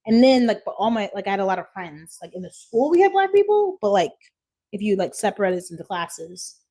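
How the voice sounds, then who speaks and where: A woman's voice: medium pitch, big pitch swings, a little fast, dark tone. Chatty woman streaming live from home. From Washington State, USA. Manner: chatty, reads out viewer comments, laughs often. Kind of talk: casual live-stream chat. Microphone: phone.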